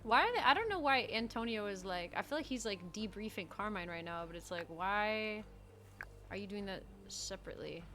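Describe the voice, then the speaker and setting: A woman's voice: mid-range voice, expressive, a little fast, a bit bright, slight background noise. A woman streamer chatting in character during a game role-play, giggly and teasing. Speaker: streamer playing a mob character.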